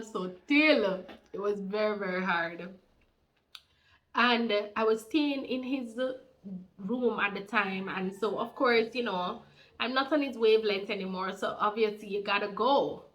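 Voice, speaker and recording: Jamaican woman in her thirties, medium pitch, animated testimony storyteller who drops into patois. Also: measured pace, faint music behind. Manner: animated, heartfelt, mixes in patois. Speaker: faith channel co-host.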